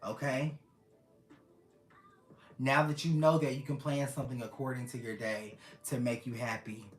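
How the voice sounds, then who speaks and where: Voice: mid-range voice, flat delivery, normal speed. A tarot reader giving a casual reading to camera, earnest and affectionate, often repeating phrases to the listeners. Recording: roomy echo.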